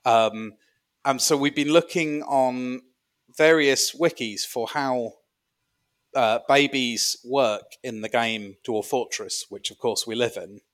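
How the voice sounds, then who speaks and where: A man playing a dwarf man who runs an underground fortress, in a comic podcast bit, rambling and deadpan with many pauses. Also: medium pitch.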